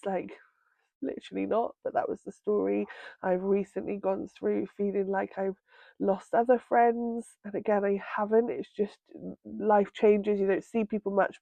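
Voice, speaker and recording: A woman sharing a personal healing story at home, talking in a tender, halting way with many pauses, tearful with red, itchy eyes. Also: mid-range voice, gravelly, no room sound, narrow, tinny audio. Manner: tender, halting, pausing often with ums. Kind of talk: reflective personal monologue. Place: indoors at home by a window.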